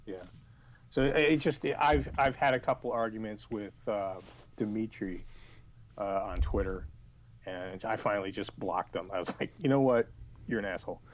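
A man's voice: on the low side, steady tone, normal speed, a little hiss or hum, low-quality recording. A man on a podcast, telling an anecdote in casual chat with hesitant restarts. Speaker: podcast co-host.

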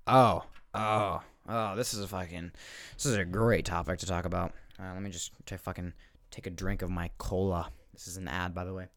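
A young man in his twenties with a low, gravelly voice rambles through a casual solo rant, swearing constantly. His tone is smooth and resonant under the fry, and the recording is close and dry with no room around it. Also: steady tone, normal speed, a bit bright, no room sound. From northeastern United States. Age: 20s. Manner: profane, rambling, with heavy swearing. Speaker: podcast host.

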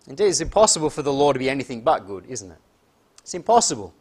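Deliberate, emphatic male preacher. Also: mid-range voice, very animated, darkish tone, slightly rough. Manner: deliberate, emphatic, slows on key words; reads scripture aloud in King James wording. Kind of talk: sermon.

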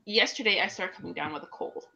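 A woman's voice: medium pitch, fast, gravelly, pushed and bright, muffled recording, slight background noise. A woman co-hosting a casual chat show, fighting a cold and telling stories in a playful, chatty way. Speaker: podcast co-host.

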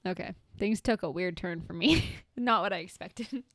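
A woman's voice: mid-range voice, moderate pace, fairly bright tone, no room sound. A woman co-hosting a comedy podcast who chats casually, rambles and laughs often. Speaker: podcast co-host.

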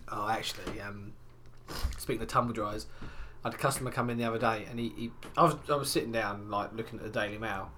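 A young male podcast co-host tells crude stories in casual banter, swearing heavily and acting out quotes with animated, profane energy. His voice is lowish and he talks fast, with a little hiss or hum in the background.

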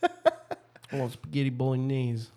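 A man's voice: medium pitch, wildly swooping pitch, unhurried, warm tone, slight background noise. A man in casual crude banter, swearing freely and laughing between mocking impressions.

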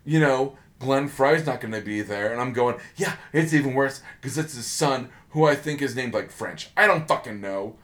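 A man's voice: medium pitch, normal speed, hardly any pauses, a bit bright. A man co-hosting a podcast, ranting sarcastically in casual talk, getting worked up and swearing. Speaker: podcast co-host. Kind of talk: casual comedic rant.

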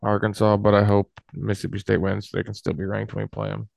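A man's voice: on the low side, monotone, fast talker, gravelly, darkish tone, no echo. A man hosting a casual sports podcast, running through the picks in a laid-back, wry way. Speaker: podcast host.

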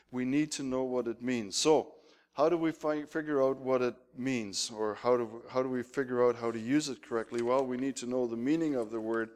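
A man preaching a sermon as pastor, telling lively, humorous anecdotes. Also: mid-range voice. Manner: animated anecdotal storytelling with humor.

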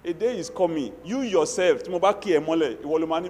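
Nigerian pastor preaching in a reverberant hall. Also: male voice, on the high side, quick pace, a little hiss or hum. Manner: animated preaching with Yoruba asides and acted quotes. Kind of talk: sermon.

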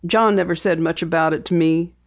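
A woman's voice: fairly low pitch, fairly even intonation, fairly quick, muffled recording, lightly acted. A woman reader voicing an anxious, guarded farm wife who pleads and bristles, raised a little above her narrating voice. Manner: pleading, tense.

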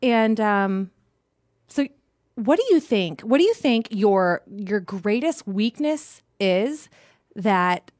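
A woman's voice: mid-range voice, animated, takes it slowly, darkish tone, no echo, studio quality. A woman co-hosting and interviewing on a podcast in casual chat, upbeat and encouraging, laughing often.

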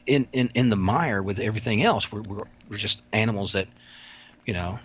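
Husky low voice on an ex prison guard, rambly and folksy, audio kinda dull and lo-fi. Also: male voice, brisk. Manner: rambling, many restarts, folksy slang. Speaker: former prison officer, guest. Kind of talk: casual podcast storytelling.

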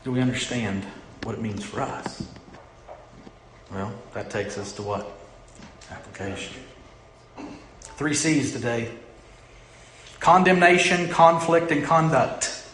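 A middle-aged male pastor preaching a sermon, who keeps asking the congregation questions and moves between loud emphasis and hushed lines. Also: lowish voice, unhurried, long pauses, slight background noise. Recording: echoey room.

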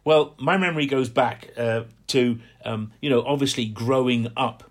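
A man from Hampshire giving a gentle, rambling radio devotional reflection, with frequent fillers. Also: medium pitch, normal speed. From Hampshire, England.

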